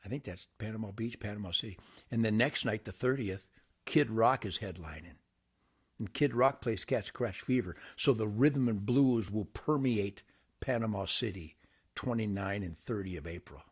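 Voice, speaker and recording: An older man hosting his own show, ranting boastfully to camera by a campfire outdoors, with wild swings between shouting and muttering. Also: normal speed, slightly rough. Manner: brash, boastful, loud swings in pitch and volume.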